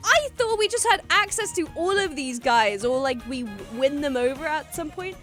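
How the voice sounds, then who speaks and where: A woman hosting a reaction video, talking fast and bursting into excited shouts and squeals. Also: high voice, music in the background.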